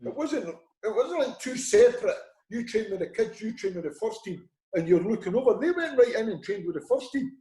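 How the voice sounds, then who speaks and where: A middle-aged Scottish man spins lively anecdotes, slipping into the voices of people he quotes. His voice sits a little high but sounds dark and mellow. The room around him lends a noticeable echo. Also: a little fast, hardly any pauses. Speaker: former football manager, guest. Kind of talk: conversational storytelling. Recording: roomy echo.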